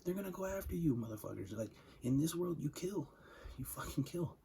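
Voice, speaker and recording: Gravelly-voiced young man ranting heatedly. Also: on the high side, big pitch swings, brisk, warm tone, slight background noise, rough recording. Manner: heated, profane, repeats words and says "like" often. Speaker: video game commentator. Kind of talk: casual ranting monologue.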